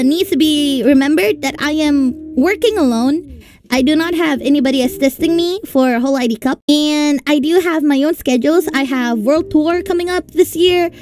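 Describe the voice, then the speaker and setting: A woman chatting casually on a livestream, telling stories in a playful, animated way and laughing often. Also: high voice. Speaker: streamer and event organizer. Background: faint background music.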